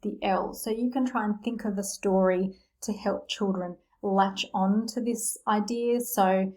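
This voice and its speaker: A woman's voice: mid-range voice, steady tone, a little slow, mellow, low-quality recording. A woman with a mid-range voice gives a friendly, explanatory lesson on spelling for teachers. She talks in an easy, conversational way and leans on playful metaphors to make the rules stick. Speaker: literacy teacher trainer.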